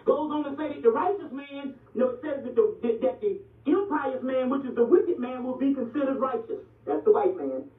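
Very high-pitched and animated, a man lectures on ancient Egyptian history and religion a little fast, hardly pausing. His street-talk style is blunt and profane, and he keeps asking "you see what I'm saying." It sounds distant, echoey and lo-fi, like a phone.

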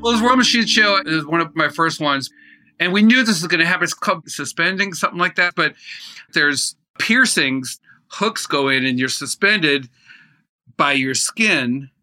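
A man's voice: a little high, animated, moderate pace, bright, forceful tone. A male musician telling a casual, laid-back, rambling anecdote as a guest.

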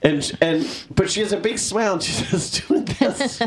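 A man's voice: high voice, animated, normal speed, noisy background. A man co-hosting a casual chat show, joking and telling a story about his daughter. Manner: joking, puts on silly voices. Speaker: podcast co-host. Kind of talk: casual banter.

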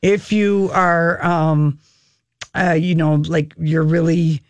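A woman's voice: deep voice, level tone, takes it slowly, dry recording. A woman co-hosting a radio show, reading lines in a jokey, mock-flirty way and chatting with plenty of fillers. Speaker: radio co-host. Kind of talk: playful casual banter.

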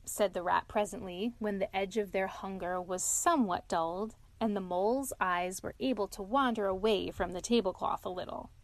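A woman's voice: mid-range voice, normal speed, hardly any pauses, no room sound. Woman reading a storybook aloud. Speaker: narrator.

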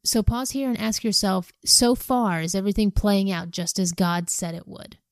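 A woman hosting a Bible study podcast, reading scripture aloud calmly and earnestly and pausing for reflective questions to her listeners. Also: mid-range voice, dry recording.

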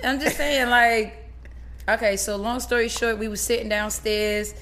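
Animated woman telling a story. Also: a little high, a little slow. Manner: animated storytelling with quoted dialogue. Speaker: guest. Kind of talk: casual chat.

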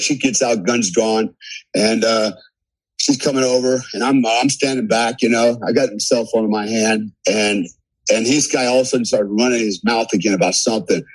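Man, podcast guest, husky voice, dry close sound, profane, animated storyteller. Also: medium pitch, no room sound, low-quality recording. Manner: animated, profane, laughs through his story. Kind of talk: casual storytelling.

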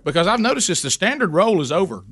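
A man's voice: sits high, fast, slightly rough. A man hosting a talk radio show, telling a rambling, jokey story with many restarts in casual chat. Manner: animated and jokey.

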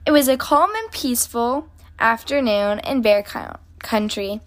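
A woman reads a children's picture book aloud in a gentle, clear storytelling manner. Her voice sits a little higher than most. She paces the story steadily for young listeners. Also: unhurried. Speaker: host, storybook reader.

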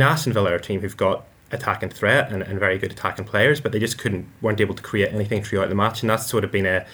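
A man's voice: on the low side, fairly bright tone. A man analysing football matches on a podcast, often stumbling and repeating his words. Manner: hesitant, many repeated words. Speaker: football pundit.

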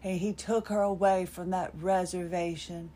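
Woman, fifties, lowish voice, rambling wry storyteller, podcast host. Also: fairly even intonation, normal speed, warm tone. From North Carolina, USA. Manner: rambling, wry, self-deprecating. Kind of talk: personal storytelling monologue.

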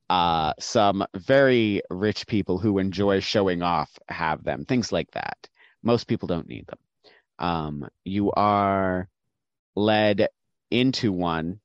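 A man narrating as game master for a tabletop game, measured and descriptive with occasional fillers. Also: deep voice, smooth, no echo. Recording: dull dry lo-fi sound.

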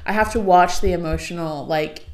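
A woman's voice: on the low side, normal speed, darkish tone. A young adult woman co-hosting a podcast, ranting in casual chat, swearing a lot and laughing often. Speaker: podcast co-host.

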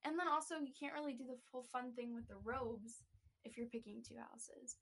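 A woman's voice: a little high, steady tone, a little fast, a bit bright, slightly rough. Giggly, chatty young-sounding woman podcaster. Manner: chatty, giggly, says "like" a lot. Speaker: podcast co-host. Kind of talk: casual chat.

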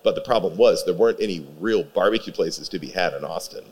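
A man's voice: sits low, quick pace. A man, a pitmaster guest, chatting casually in an interview with a rambling, filler-heavy delivery. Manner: rambling, many fillers and restarts.

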